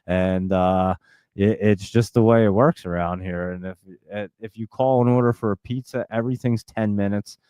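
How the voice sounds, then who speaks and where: A man hosting a live stock-market stream, talking very fast in a chatty, rambling way and laughing often. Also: on the low side, fairly even intonation, dark tone, clean tone, no room sound. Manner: talks extremely fast and nonstop. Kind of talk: casual live-stream chat.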